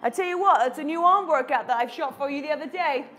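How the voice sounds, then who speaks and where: A woman's voice: high-pitched, fast, fairly bright tone. A woman leading a live home workout, cueing the moves with upbeat encouragement and chatting to her dog between counts. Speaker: fitness instructor.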